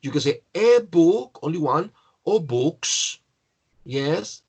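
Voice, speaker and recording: Slow, patient man teaching grammar. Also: on the high side, sing-song, breathy edge. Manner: slow, patient explaining with repetition. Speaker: English teacher.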